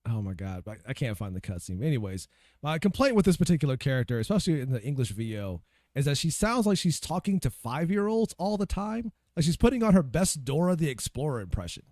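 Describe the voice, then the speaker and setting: A man's voice: a little high, big pitch swings, fast, a little mellow, no echo, studio quality. A man giving casual, profane commentary while playing a game, ranting and talking to himself. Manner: ranting, swears freely, talks to himself while searching. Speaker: gaming video creator.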